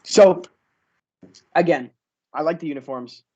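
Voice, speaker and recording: A man's voice: fairly high pitch, measured pace, mellow, highs cut off. A man co-hosting a casual baseball watch-party stream, rambling and filling his talk with "like". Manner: rambling, heavy use of "like". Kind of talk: casual chat.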